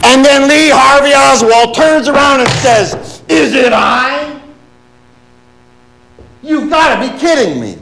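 A man's voice: extremely high pitch, sing-song, moderate pace, noisy background. A male pastor preaching a sermon in church, firing rhetorical questions at his congregation and reading scripture aloud.

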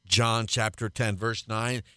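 A man's voice: lowish voice, fairly even intonation, slow pace, a bit bright, no echo. Earnest male radio preacher, dry studio sound. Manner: earnest, builds to emphatic repeated refrains. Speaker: pastor and radio Bible teacher. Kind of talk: radio Bible teaching.

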